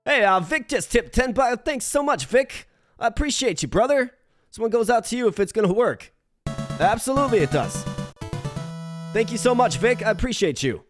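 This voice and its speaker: A man's voice: moderate pace, no room sound, soft background music. Chatty streamer man from Minnesota. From Minnesota, United States. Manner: animated when greeting chat, low and muttering while planning moves. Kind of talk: live-streamed game commentary.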